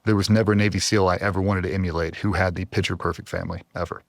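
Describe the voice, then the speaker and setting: A man's voice: low-pitched, fairly even intonation, rapid-fire, creaky, dry recording. A man in his forties, a former special operator, talking earnestly and with strong emotion in an interview, close to tears at times. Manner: earnest, emotional, trying not to cry. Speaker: podcast guest, former Navy SEAL.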